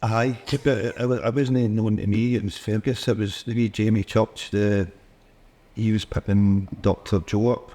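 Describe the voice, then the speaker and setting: A man's voice: lowish voice, steady tone, moderate pace, warm tone. A man with a Scottish accent, a former footballer telling chatty anecdotes as a guest in a casual interview. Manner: chatty anecdotes with laughs and mimicry.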